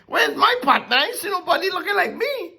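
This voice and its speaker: A preacher voicing the first man, searching for a partner, in high, quick exclamations with a laugh. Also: very animated, gravelly, pushed and bright, heavily acted. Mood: puzzled.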